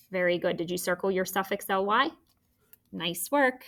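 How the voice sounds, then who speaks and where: A woman's voice: on the low side, moderate pace, gravelly, a bit bright. A woman teaching a phonics and spelling lesson, encouraging and spelling words out letter by letter.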